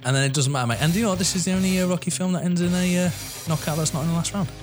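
Fast-talking man chatting films. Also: sits high, over music. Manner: animated, swears, laughs often. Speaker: podcast co-host. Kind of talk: casual film chat.

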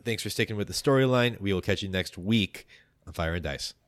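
Hosting a tabletop game podcast, a low-pitched man acts as game master, telling the story with measured playfulness and delivering the show's announcements.

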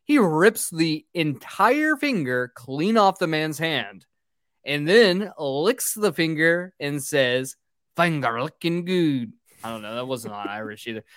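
A man's voice: fairly high pitch, lively intonation, a little slow, a bit bright, dry recording, studio quality. A man hosting a boozy movie podcast, recapping a film from his script with swearing and jokes. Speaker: podcast host.

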